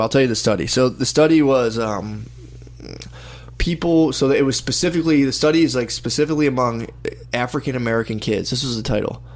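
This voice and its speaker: A young man chatting casually, rambling through an animated story and mimicking other people's voices. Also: medium pitch. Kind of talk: casual chat.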